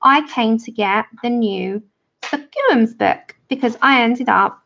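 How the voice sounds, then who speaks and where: A woman's voice: a little high, slow pace, gravelly, fairly bright tone, muffled recording. A woman chatting and telling stories while colouring on a livestream, laughing often. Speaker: livestream host.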